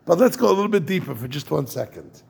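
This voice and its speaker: A man's voice: fairly high pitch, big pitch swings, fast, creaky, a little mellow, breathy edge. A man giving an informal Torah talk as a rabbi, jokey and digressive, and turning to ask his listeners questions.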